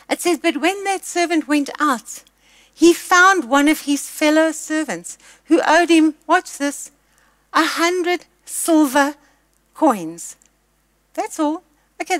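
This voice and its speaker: A woman preaching a sermon, telling a story with emphatic loud peaks and quiet asides. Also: high voice, dry recording.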